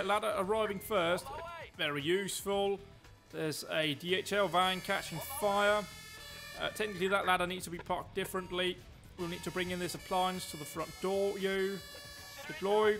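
A man calls out orders in live gameplay commentary, excitable and loud. His voice sits a little high. Faint game music plays underneath. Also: moderate pace. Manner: excitable, talks loud, quips at himself. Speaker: streamer.

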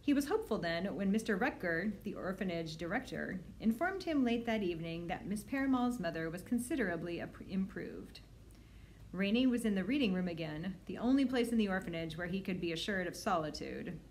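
A woman librarian reads a children's novel aloud in a clear, middle-pitched voice. Her reading is expressive and animated. A faint hiss sits behind her. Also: a little fast. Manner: expressive read-aloud, does character voices.

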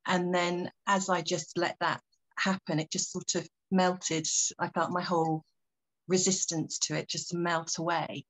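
Lower-voiced woman sharing earnestly and gently on a video call. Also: level tone, measured pace, low-quality recording. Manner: earnest, gentle, a little hesitant. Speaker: meditation participant. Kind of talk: sharing personal reflection.

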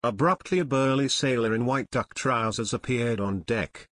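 A man narrating an unabridged adventure audiobook in a steady, measured reading voice. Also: medium pitch, no room sound, studio quality. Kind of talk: scripted narration.

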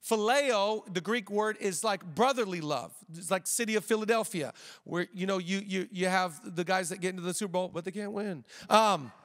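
A man's voice: high voice, normal speed, fairly bright tone, big-room sound. A middle-aged male pastor preaching a conversational sermon, repeating phrases and joking with the congregation. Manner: conversational preaching with repetitions and jokes. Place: church auditorium.

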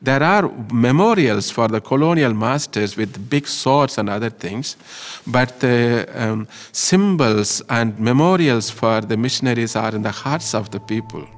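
A man's voice: mid-range voice, lively intonation, unhurried. Man speaking from afar in a reverberant room. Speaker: interviewee. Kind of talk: documentary interview.

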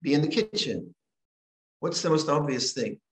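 An older man teaching at a monastery, giving a gentle, conversational dhamma talk with frequent restarts. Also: a little high, big pitch swings, normal speed, roomy sound, rough recording. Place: monastery hall.

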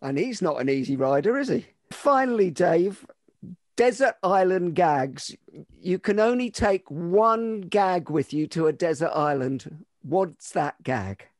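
A man hosting a podcast, firing off brisk quick-fire questions. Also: high-pitched, expressive, no room sound, studio quality. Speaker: podcast host. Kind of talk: interview questions.

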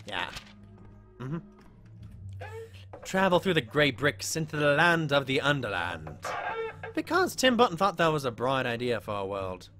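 A woman streaming a horror game live, chatting with viewers between playful in-character asides and breaking into excited yelps during chases. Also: low voice, normal speed, long pauses, faint music behind. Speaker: gaming streamer. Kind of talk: live game commentary with chat.

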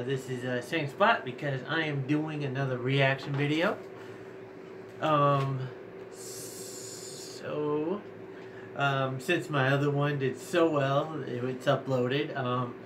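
Halting male reaction host, noisy room. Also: mid-range voice. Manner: halting, full of ums and apologies. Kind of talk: casual reaction commentary.

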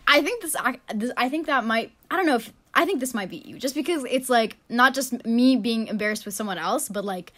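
A young woman who is a university student, co-hosting a casual podcast, chatty and self-deprecating and quick to laugh. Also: a little high, expressive, a bit bright. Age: young adult. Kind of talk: casual chat.

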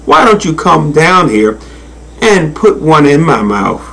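A man's voice: a little high, sing-song, slow pace, vocal fry, fairly bright tone, pitched above the performer's own voice, exaggerated voice, poor audio. A scheming crocodile lady, put on by a man reading a storybook, coaxes in a raised, silky voice. Her sly lines sweep up and down with sing-song range. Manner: sly, coaxing.

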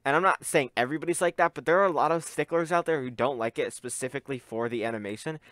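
A man's voice: mid-range voice, fast talker, dry recording. Young guy with a muffled voice, rambly anime reaction, dry close sound. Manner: excitable, rambling with many "like" fillers. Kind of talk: casual reaction commentary.

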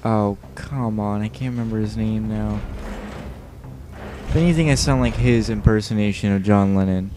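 A man's voice: fairly low pitch, normal speed, over music. A tired man giving casual, rambling commentary over a video game, joking and swearing often. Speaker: let's play host.

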